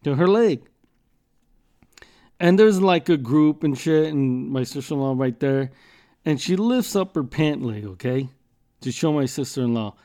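A man's voice: fairly high pitch, lively intonation, measured pace, long pauses, mellow. A man hosting a podcast, telling rambling jokey stories in a casual, profane way. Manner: profane, rambling, joking storyteller. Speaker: podcast host.

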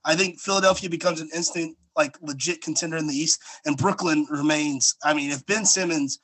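A young man with a fairly high, husky voice talks basketball in a loose, rambling way. He gets excitable and leans on "like" and "uh" as he goes, casual podcast chatter. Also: brisk, rough recording. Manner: rambling, excitable, lots of fillers and likes. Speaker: sports podcast co-host. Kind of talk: casual sports talk.

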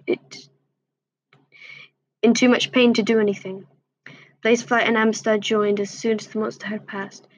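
Breathy woman reading a story aloud. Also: on the high side, dull audio. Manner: plain reading with slips and restarts. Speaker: story reader.

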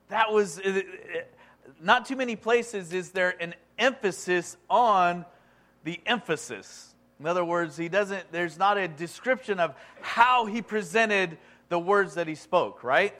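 A man preaching a sermon, reading scripture aloud in a conversational way that swings from quiet asides to loud emphasis. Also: on the high side, measured pace. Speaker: pastor.

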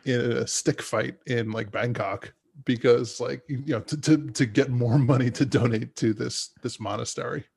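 A man's voice: mid-range voice, normal speed, vocal fry, a little mellow, husky. A man casually discussing a film with friends on a podcast, rambling with frequent restarts. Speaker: podcast co-host.

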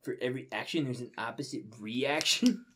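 A man's voice: medium pitch, a little fast, fairly bright tone, slight background noise. Young man reading fan fiction aloud, laughing. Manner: laughing, incredulous asides. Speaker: reader.

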